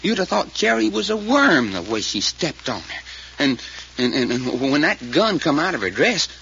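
A man's voice: on the high side, big pitch swings, moderate pace, gravelly, bright, forceful tone, exaggerated voice. A folksy drawling country man called Doc. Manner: drawling, rustic grammar, anxious retelling. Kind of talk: 1940s radio acting. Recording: muffled old radio recording with faint hiss.

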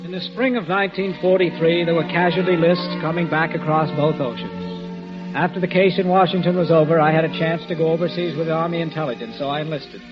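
A man narrating in the first person and playing the lead in a 1940s radio drama, earnest and low-key. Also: steady tone, fast talker. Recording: dull lo-fi old radio recording with music.

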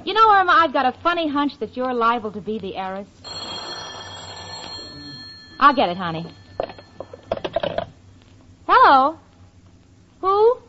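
An actress playing a sensible young working woman in a 1940s radio comedy, brisk and patient. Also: high voice, very animated, bright, forceful tone, exaggerated voice. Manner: brisk, patient, slightly stammering. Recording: lo-fi old radio recording.

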